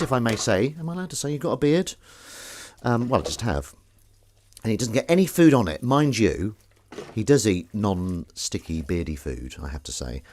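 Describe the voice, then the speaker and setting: A man's voice: medium pitch, a little hiss or hum. A man chatting casually while he does the washing up, rambling, jokey and self-mocking, with the odd swear word. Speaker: host doing the washing up on a live stream.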